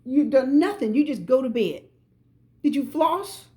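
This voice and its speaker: A middle-aged American tarot reader gives a pick-a-card reading, chatting with viewers and emphatically repeating her advice straight to them to drive each point home. Her slightly high voice has a mellow, warm tone, lively intonation and an unhurried pace.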